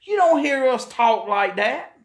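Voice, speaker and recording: High-voiced man ranting. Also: very animated, a little slow, reverberant. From South Carolina, US. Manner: heated, profane, rambling with restarts. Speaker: podcast host. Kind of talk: ranting monologue.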